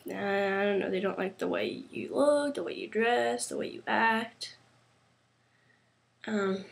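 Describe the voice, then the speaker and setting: A teenage girl vlogging casually to camera, rambling and halting with many fillers and restarts. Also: medium pitch, gravelly.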